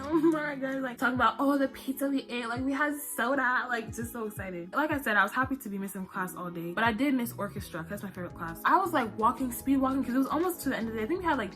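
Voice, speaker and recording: A 21-year-old woman telling school stories in a chatty, slangy, animated way while unbraiding her hair at home. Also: a little high. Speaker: vlogger.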